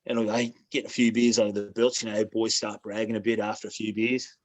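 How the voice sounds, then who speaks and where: A man's voice: lowish voice, level tone, brisk. A man with an Australian accent, a podcast guest chatting bluntly and telling jokes. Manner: blunt, joking, swears freely. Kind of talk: casual podcast chat.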